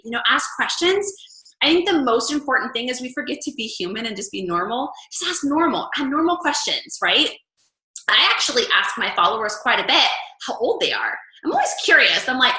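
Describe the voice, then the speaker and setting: A woman leading a casual coaching call for her fitness business team, chatty and animated. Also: high-pitched, moderate pace. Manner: chatty, animated, acts out quoted lines. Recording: echoey room.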